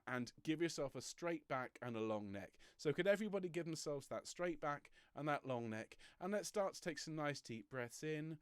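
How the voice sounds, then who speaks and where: A man leading an online choir warm-up from home, giving step-by-step breathing and stretching instructions with an encouraging, jokey manner. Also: mid-range voice, no room sound, studio quality. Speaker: choir leader. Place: home room, traffic passing outside.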